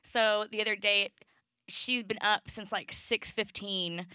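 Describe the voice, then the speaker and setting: Bright high-ish woman, 30s, co-hosting a casual chat, lots of laughs, dry sound. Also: unhurried, smooth, no echo. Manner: laughs often, animated storytelling. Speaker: podcast co-host.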